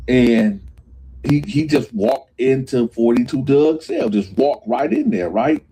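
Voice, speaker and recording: A man telling a jail story in slangy, animated style, acting out what others said. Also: medium pitch, slow pace, slight background noise, low-quality recording. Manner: acts out other people's voices, swearing, slangy. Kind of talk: animated storytelling with acted-out quotes.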